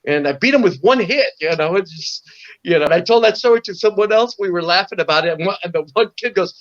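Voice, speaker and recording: A middle-aged man from Southern California, a guest musician telling lively stories in an interview, acting out voices and laughing often. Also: high-pitched, quick pace. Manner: animated storyteller, acts out voices, laughs often. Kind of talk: storytelling in an interview. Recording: dull lo-fi audio.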